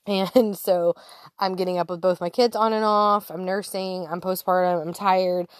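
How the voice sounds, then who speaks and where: Chatty lower-voiced woman, candid. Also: steady tone, moderate pace, no echo, clean studio sound. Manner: chatty and candid, laughs easily, drops to soft whispers when reliving thoughts. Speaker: Christian mother sharing a faith story. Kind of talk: casual personal testimony to an audience.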